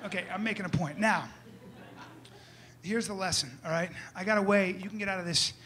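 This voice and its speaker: A man's voice: high-pitched, a little fast, pushed and bright. A man doing stand-up comedy, loose and rambling, checking in with "okay?" and "you know".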